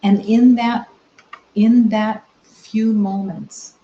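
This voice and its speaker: A woman spiritual teacher giving a meditative talk, soft-spoken and gentle, with long reflective pauses. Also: medium pitch, steady tone. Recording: roomy, slightly dull recording.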